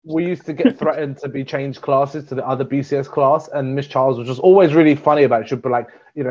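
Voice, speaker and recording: A man in his twenties, hosting and telling stories in a playful, animated way among old friends. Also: medium pitch, fast, few pauses. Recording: dull lo-fi sound.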